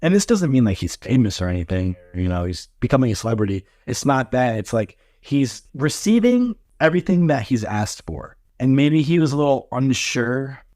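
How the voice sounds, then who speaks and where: A man doing a casual spiritual card reading, speaking gently and reassuringly, with frequent pauses and fillers. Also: mid-range voice, very animated, dry recording, clean studio sound. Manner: gentle, halting, filler-heavy reassuring talk. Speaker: tarot card reader.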